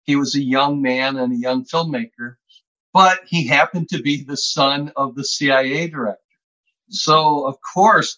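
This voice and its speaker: A man's voice: mid-range voice, bright, forceful tone. A man being interviewed as an author, telling stories casually and laughing often as he talks. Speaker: author and guest. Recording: dull lo-fi sound.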